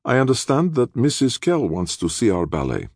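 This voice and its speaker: A bright, courteous young woman officially turns the request down, politely and firmly, as a male reader puts her on. Her voice rises higher than the narration, gravelly underneath and dry. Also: huge pitch swings, moderate pace, no room sound, exaggerated voice. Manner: polite but firm. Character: polite, bright-eyed young female press officer, firm.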